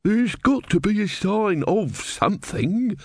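A man's voice: sits high, lively intonation, takes it slowly, a little mellow, breathy edge, dry recording, clean studio sound, voice pushed up, full character voice. A man voicing a boring, know-it-all elderly man with a droning, unstoppable voice. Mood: pedantic.

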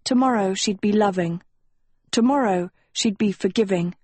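A woman narrating an audiobook in a measured storytelling manner. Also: mid-range voice, a little mellow, slightly rough, no room sound. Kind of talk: scripted narration.

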